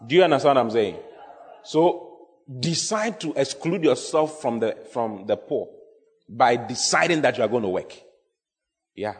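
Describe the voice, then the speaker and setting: A pastor preaching a sermon, emphatic and repetitive, often quizzing the congregation. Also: male voice, mid-range voice, lively intonation, moderate pace. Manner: emphatic, repeats key phrases, asks the congregation questions. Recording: long hall reverb.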